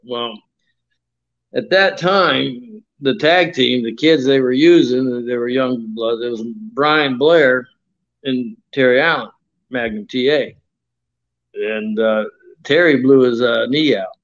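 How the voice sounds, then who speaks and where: A man's voice: mid-range voice, slow pace, highs cut off. Folksy older man telling stories. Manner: folksy, acts out quoted voices, many fillers. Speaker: retired pro wrestler, interview guest. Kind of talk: shoot interview storytelling.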